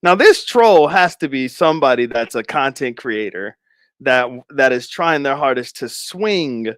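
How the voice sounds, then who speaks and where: A man's voice: mid-range voice, animated, a little slow, fairly bright tone, dry recording, studio quality. A man giving casual, rambling commentary to his viewers, laughing often and speculating. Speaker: commentary streamer.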